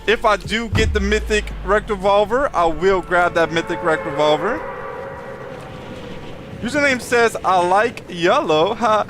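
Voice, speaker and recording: A man's voice: sits high, lively intonation, measured pace, over music. A young man streaming a video game live, chatting casually, reading chat messages aloud and laughing often. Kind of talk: live gameplay commentary.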